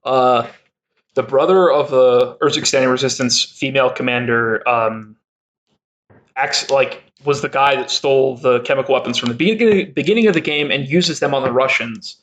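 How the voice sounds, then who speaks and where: A man's voice: medium pitch, normal speed, fairly bright tone. A young man chatting as a podcast guest, rambling and laughing a lot with many fillers. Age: young adult. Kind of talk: casual chat.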